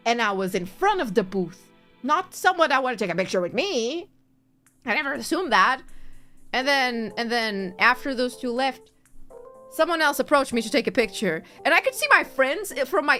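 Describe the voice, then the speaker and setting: Woman streamer, high and lively, chatty and giggly, soft music underneath. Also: moderate pace. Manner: rambling, chatty, laughs often. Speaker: virtual streamer. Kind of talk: casual chat stream.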